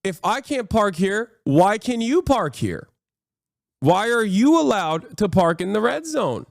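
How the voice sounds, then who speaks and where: A man's voice: sits high, big pitch swings, unhurried, vocal fry, dry recording, clean studio sound, voice pushed up, full character voice. A man voicing a rude, entitled driver who argues indignantly with cops. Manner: indignant, whiny.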